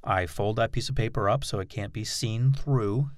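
Low-voiced man explaining step by step. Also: normal speed, dry recording, studio quality. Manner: patient, explains step by step with examples. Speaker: instructor. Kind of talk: instructional talk.

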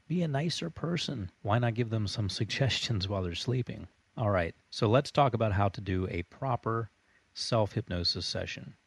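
Male hypnotherapist, deliberate instructional delivery, somewhat low voice, dry close recording. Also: no room sound. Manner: calm, deliberate, demonstrates voice changes. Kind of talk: instructional talk on self-hypnosis.

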